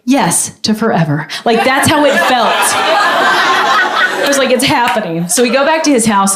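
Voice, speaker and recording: A woman telling a stand-up comedy story, animated and jumping in pitch. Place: comedy club stage. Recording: echoey club room, audience noise.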